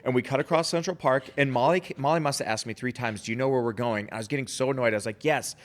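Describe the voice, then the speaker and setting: A man's voice: mid-range voice, racing. A man in his forties co-hosts a podcast in casual chat. He tells long stories about himself in a self-mocking way, laughing along as he goes. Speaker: podcast co-host.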